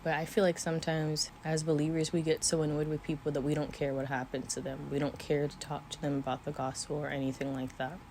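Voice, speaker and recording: A woman's voice: low-pitched, little pitch movement, fast, hardly any pauses, darkish tone, slight background noise. A woman in her twenties talking earnestly to camera about her faith, sometimes teary-eyed, with small laughs. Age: 20s. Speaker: vlogger. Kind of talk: emotional faith talk to camera. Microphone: camera mic.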